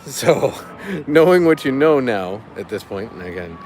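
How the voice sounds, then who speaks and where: A man's voice: mid-range voice, a little slow, a little hiss or hum. A middle-aged man from the Chicago area hosting a live stream, chatting casually and rambling a bit with his viewers. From Chicago area, USA. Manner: relaxed, chatty, rambling with fillers. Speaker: livestream host.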